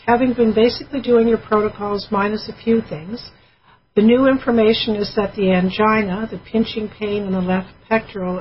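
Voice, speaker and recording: A woman's voice: medium pitch, a little hiss or hum. A woman co-hosting a call-in radio show, reading listener messages aloud in a chatty way. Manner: reads letters aloud, chatty with fillers. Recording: muffled radio broadcast with music.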